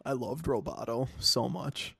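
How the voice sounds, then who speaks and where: A man's voice: mid-range voice, a little slow, creaky, sharp tone, husky, no room sound. A young man co-hosting a casual podcast, talking in a heated, exasperated rant. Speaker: podcast co-host.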